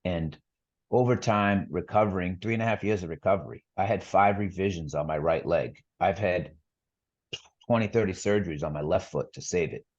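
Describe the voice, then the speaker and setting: A man's voice: sits low, normal speed, muffled recording. A middle-aged man, a podcast guest, telling his story earnestly in a rambling casual way with lots of fillers and restarts.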